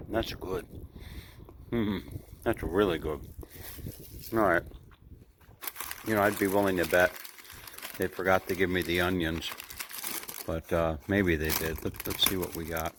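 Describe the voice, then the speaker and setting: An American man, middle-aged, rambling in a folksy vlog as he films himself outside a takeaway shop at night on a phone camera. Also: low voice. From United States. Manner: rambling, folksy, restarts phrases often. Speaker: travel vlogger. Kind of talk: casual walk-and-talk vlog. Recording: outdoor street noise behind. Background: traffic and street ambience.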